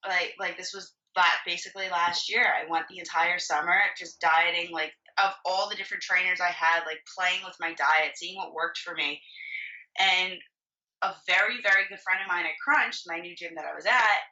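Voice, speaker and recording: A woman's voice: fairly low pitch, fairly even intonation, moderate pace, bright, forceful tone, recorded from a distance, dull audio. A woman in her twenties, a podcast guest, telling her story in candid casual chat, swearing freely and saying "like" a lot. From Florida. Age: 20s. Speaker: podcast guest, bodybuilding competitor.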